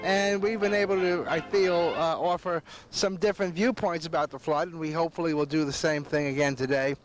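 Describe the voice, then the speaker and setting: A man's voice: fairly high pitch, fairly even intonation, fairly quick, faint music behind. A man hosting a casual on-location talk show, talking in a folksy, rambling way. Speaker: host.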